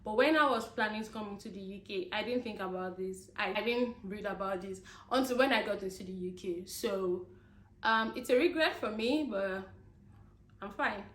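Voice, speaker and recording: A woman's voice: medium pitch, normal speed, a bit bright, echoey room. A young woman from Nigeria, ranting casually to her viewers and laughing between points. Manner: chatty, laughing asides, addresses viewers as guys. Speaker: vlogger. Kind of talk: casual rant to camera.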